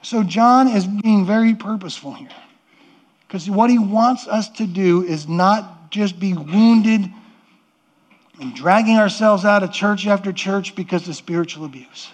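Preaching at a measured pace, this middle-aged pastor has a voice that sits high. His sermon is earnest and conversational, with frequent repeated and restarted words.

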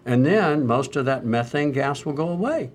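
A man's voice: mid-range voice, moderate pace. A middle-aged man, a doctor, telling stories in a casual conversation and acting out the voices of the people he quotes. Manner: animated storyteller, acts out quoted voices. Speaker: doctor, co-host.

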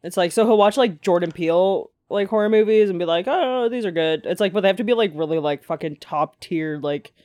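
A woman's voice: on the low side, fairly quick, hardly any pauses, darkish tone, no echo, clean studio sound. A young woman co-hosting a podcast, chatting casually, swearing and sharing trivia. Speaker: podcast co-host. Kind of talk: casual chat. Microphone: close mic.

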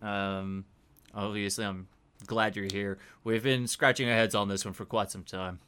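A man voicing a weary, swearing male NYPD detective who talks loudly and haltingly. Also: lowish voice, fairly even intonation, clear, resonant tone, pitched below the performer's own voice. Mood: troubled. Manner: loud, hesitant, swearing.

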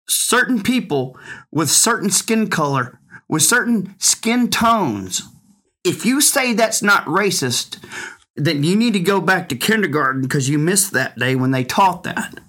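Emphatic, lively-voiced male political commentator. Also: high-pitched. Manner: indignant, emphatic, rhetorical. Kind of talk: opinion monologue.

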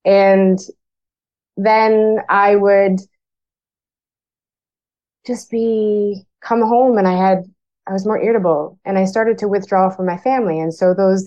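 This is a frank, plain-spoken Canadian firefighter, a guest recounting her experiences and playing out dialogue she remembers. Her voice sits mid-range with a dark tone, heard through lo-fi sound.

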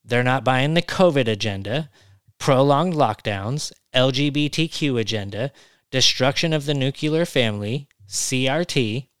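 A man in a casual podcast chat, slowly and deliberately reading a list aloud. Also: mid-range voice, fairly bright tone, smooth, no room sound, studio quality.

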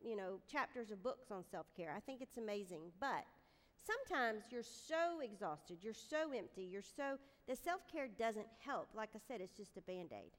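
A woman's voice: mid-range voice, normal speed. Woman telling stories in a reverberant hall. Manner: animated, self-deprecating storyteller. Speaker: speaker at a women's gathering. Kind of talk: storytelling devotional talk. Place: room with a live audience.

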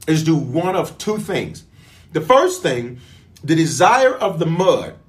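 Male bishop, high voice that swings widely, preaching call-and-response and repeating key lines. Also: a bit bright. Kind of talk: livestreamed sermon.

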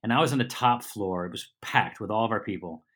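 Man, middle-aged, comedian guest, casual storytelling, bright forceful tone, rambling with quick self-corrections. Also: fairly low pitch, breathy edge. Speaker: comedian and TV host, podcast guest.

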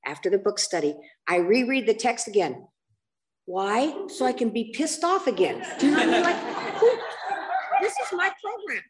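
A woman's voice: on the high side, sing-song, normal speed, a crowd in the background, background noise. An older woman candidly telling her own story at a recovery meeting, rambling and self-mocking, with many fillers and asides. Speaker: speaker sharing at a recovery meeting. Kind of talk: candid personal testimony. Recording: voice picked up from a distance.

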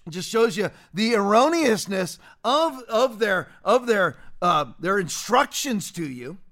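A man's voice: high-pitched, big pitch swings, slow pace, bright, forceful tone. A man hosting a commentary show, ranting in a combative way and repeating phrases for emphasis. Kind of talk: heated political commentary.

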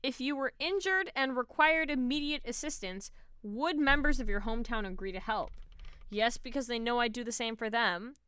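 A woman's voice: fairly high pitch, moderate pace, sharp tone, smooth, no room sound. A woman co-hosting a casual podcast, reading quiz questions and answer options aloud in a matter-of-fact way. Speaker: podcast co-host.

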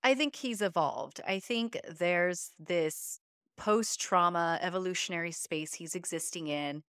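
A woman's voice: fairly low pitch, fairly bright tone, smooth, no room sound, clean studio sound. A woman podcast co-host telling a personal story in an earnest, emotional, conversational way. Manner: earnest, emotional, uses many fillers.

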